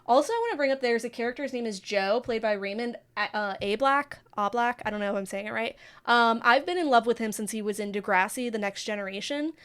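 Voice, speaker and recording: A woman's voice: a little high, quick pace, hardly any pauses, clear, resonant tone. A woman in her twenties from the American Midwest, co-hosting a podcast in casual, gushing chat. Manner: chatty, gushing, quotes herself. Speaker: podcast co-host.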